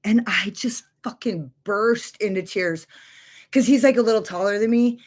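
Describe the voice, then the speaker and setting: A woman's voice: medium pitch, moderate pace. A woman in her forties chatting casually to camera as a beauty vlogger, candid and rambling, swearing freely and full of "like" fillers. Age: 40s. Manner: frequent "like" fillers and restarts. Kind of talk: casual confessional chat.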